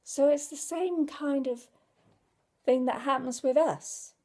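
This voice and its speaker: A woman calmly explaining to parents why babies cry, in a gentle, reassuring, conversational way. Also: high-pitched, slow pace. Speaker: parenting educator. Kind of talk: informal talk to camera.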